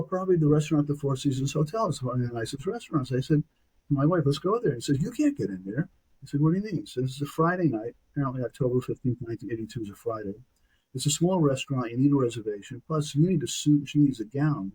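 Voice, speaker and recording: A man in his sixties with a New York accent tells a long personal story as a podcast guest. His voice is dark and slightly husky, and he keeps up an animated, anecdotal rhythm, checking in with the listener with "okay?". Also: medium pitch, low-quality recording. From Brooklyn, New York.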